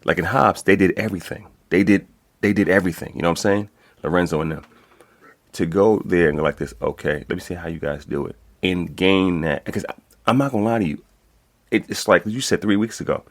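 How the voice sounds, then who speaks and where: Very deep-voiced New man. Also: brisk. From Brooklyn, New York. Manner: animated, streetwise, swears freely, many "you know what I'm saying". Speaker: guest, code enforcement instructor. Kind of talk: casual interview talk.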